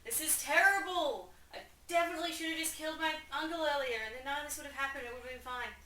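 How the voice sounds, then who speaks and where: A woman's voice: mid-range voice, moderate pace, pushed and bright, reverberant, far from the mic, slight background noise, natural voice, low-quality recording. A woman putting on a whiny, indecisive young prince who talks in modern slang, melodramatic and wavering. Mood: dramatic.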